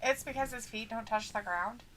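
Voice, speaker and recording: A woman with a bright, fairly high voice chats casually, reading out viewer comments. She teases and giggles as she goes, keeping things light and playful. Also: normal speed, slight background noise. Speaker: co-host of a wrestling watch-along stream.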